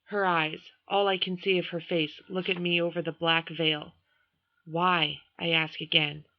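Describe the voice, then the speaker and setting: A woman reading a first-person novel aloud as audiobook narration, in a measured, even storytelling manner, with a dull lo-fi recording. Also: on the low side, dry recording. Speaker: audiobook reader.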